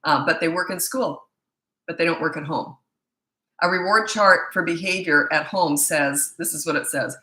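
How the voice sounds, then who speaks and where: A woman's voice: low-pitched, moderate pace, pushed and bright, reverberant. A middle-aged woman parenting coach reading viewer questions and answering them in a blunt, opinionated, casual way.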